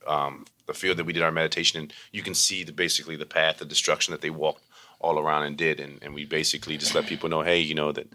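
Brief: quick, low-pitched man, bright tone, lively storyteller who mimics others. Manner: animated, acts out quoted voices in high pitch. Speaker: community meditation teacher. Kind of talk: casual storytelling interview.

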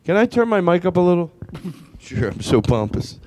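A man's voice: sits high, sing-song, normal speed, background noise. A man hosting a comedy podcast, rambling through a stand-up bit with self-mocking asides. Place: podcast studio with a small stage.

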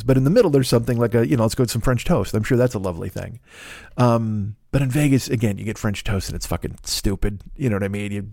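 A man's voice: mid-range voice, gravelly, a little mellow, dry recording, studio quality. A man in his fifties hosting a solo podcast, telling rambling, profane, self-mocking comic stories in casual chat. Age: 50s. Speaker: podcast host.

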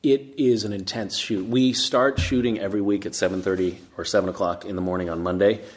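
A man, an actor guest, chatting casually in an interview with a self-mocking, relaxed manner and many fillers and restarts. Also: fairly low pitch, brisk. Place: castle in Scotland.

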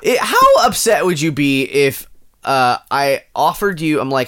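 A man's voice: a little high, lively intonation, measured pace, a bit bright, clear, resonant tone. A man co-hosting a comedy podcast, telling absurd jokes in casual banter and laughing often.

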